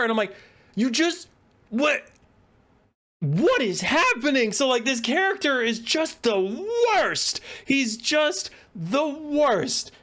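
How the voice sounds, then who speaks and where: A man's voice: on the high side, fairly bright tone. A young man ranting sarcastically as a lore video host, mocking characters in quoted voices and sounding exasperated. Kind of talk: ranting commentary.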